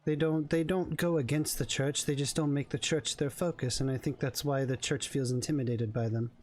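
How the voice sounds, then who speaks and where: A man's voice: medium pitch, steady tone, brisk, a little mellow, lightly acted. A man voicing a nervous, secretive male informant who confides what he knows in a hesitant, stumbling way. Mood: confiding.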